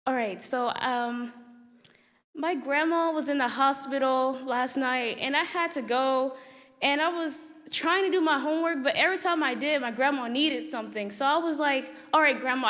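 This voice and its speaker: A woman's voice: sits high, moderate pace, a bit bright. A young woman giving a casual, comic student talk on a school theater stage, acting out quoted dialogue. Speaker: student speaker. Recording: echoey auditorium.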